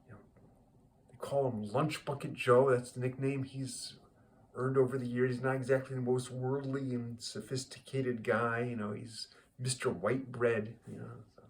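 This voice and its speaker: A man's voice: mid-range voice, flat delivery, moderate pace. Chatty man rambling through a joke. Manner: rambling, chatty, many fillers. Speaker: joke teller. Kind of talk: casual joke telling.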